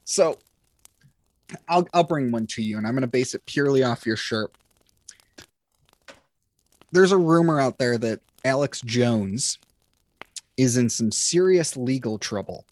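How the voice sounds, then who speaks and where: Casual young male podcast co-host, mid pitch, rambling talk, very dry sound. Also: animated, unhurried, long pauses, a little mellow, no echo. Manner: rambling, lots of fillers and restarts. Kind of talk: casual chat.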